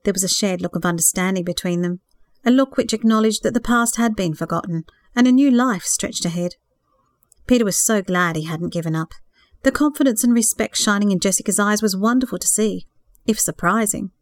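A woman narrating a romance novel in a calm, even storytelling voice. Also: medium pitch, fairly quick, dry recording, studio quality. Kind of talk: scripted audiobook narration.

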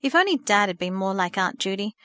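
A woman narrating a storybook in a steady, measured reading. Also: mid-range voice, no room sound.

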